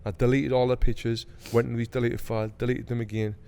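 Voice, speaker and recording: A man's voice: mid-range voice, level tone, fast talker, creaky, mellow, clear, resonant tone, big-room sound. Sweary man telling a story. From England. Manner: swears freely, acts out quotes with heat. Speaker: podcast host. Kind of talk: casual storytelling chat.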